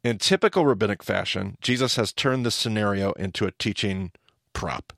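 A man's voice: fairly low pitch, moderate pace, gravelly, no room sound, studio quality. A man hosting a podcast, teaching in casual chat and acting out the lines he quotes. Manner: animated storyteller, acts out quoted lines.

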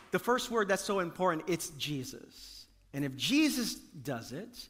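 A man preaching with an emphatic, repetitive cadence, stacking phrase on phrase and calling out to the people in front of him. His voice sits notably high for a man. A long reverb trails each line, as in a large church sanctuary. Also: a bit bright. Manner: emphatic preaching with repeated phrases and call to the congregation. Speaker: pastor. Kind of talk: sermon.

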